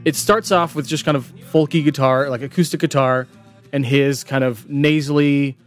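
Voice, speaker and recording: A man's voice: medium pitch, steady tone, normal speed, faint music behind. A man co-hosting a podcast, chatting casually about an album and peppering his talk with "like.". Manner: chatty, lots of "like" fillers. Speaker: podcast co-host.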